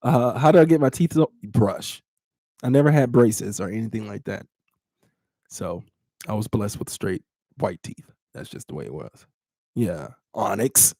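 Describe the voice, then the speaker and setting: A man's voice: on the low side, animated, a little slow, mellow, dry recording, clean studio sound. A man in his thirties hosting a casual podcast, talking bluntly to his live chat, teasing and laughing often. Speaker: podcast host.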